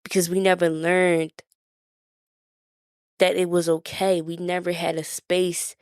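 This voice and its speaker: A woman's voice: fairly low pitch, level tone, unhurried, a little mellow, clean tone, dry recording, clean studio sound. A woman from Philadelphia with a Philly accent, hosting a podcast in a casual, encouraging talk that keeps checking in with her listeners. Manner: conversational, asks "right?" often, laughs easily. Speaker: podcast host.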